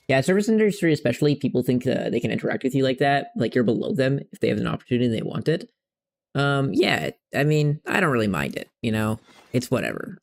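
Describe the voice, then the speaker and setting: Casting: young male streamer, gravelly mid voice, rambling and blunt, curses freely. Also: medium pitch, sing-song, fast. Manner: rambling, frank, swears freely. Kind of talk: casual gameplay chat.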